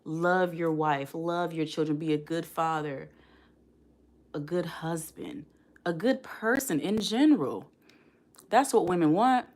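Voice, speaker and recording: Chatty woman streamer with a lowish voice. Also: measured pace, a little mellow. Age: around 40. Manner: chatty, addresses the chat directly, reads comments aloud. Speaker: live stream host. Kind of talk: casual live stream reaction chat.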